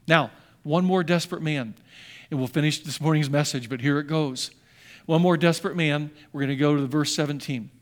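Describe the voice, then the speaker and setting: A male pastor preaching a sermon with fervor, repeating phrases and acting out the quotes he reads. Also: on the high side.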